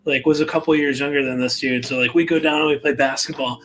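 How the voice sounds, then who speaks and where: A man's voice: fairly high pitch, steady tone, quick pace, fairly bright tone, a little hiss or hum. Rambling, laid-back man chatting live. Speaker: fragrance channel host. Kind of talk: casual live chat.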